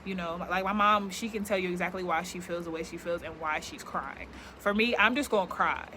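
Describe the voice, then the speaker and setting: Outdoors, with yard work happening close by, a young female vlogger rambles candidly to the camera, full of filler words as she reflects. Her lowish voice is sharp in tone and fairly quick, over slight background noise.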